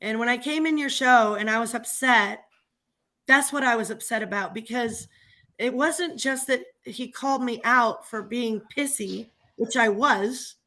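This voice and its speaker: Woman venting on a livestream, kinda high bright voice, laughs a lot, fired up. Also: measured pace. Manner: animated, venting, laughs often. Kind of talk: casual chat.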